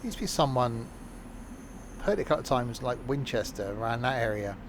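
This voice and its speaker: British guy rambling while playing a train sim, average pitch, engine noise behind. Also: expressive, fairly quick. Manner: chatty, rambling asides. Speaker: game streamer. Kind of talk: casual gameplay commentary.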